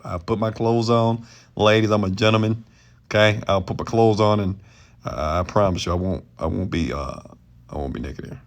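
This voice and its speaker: Lying in bed at home at night, an entrepreneur and mentor hosts a live late-night Q&A stream. His voice is on the low side at normal speed, and he talks in a loose, rambling, off-the-cuff way, passionately and often raising his voice.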